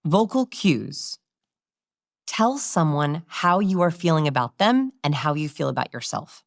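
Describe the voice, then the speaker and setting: A woman with a low voice for her sex explains communication research in an interview, lively and quick to demonstrate. The recording is close and dry. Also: creaky, no room sound. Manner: animated, demonstrating vocal examples.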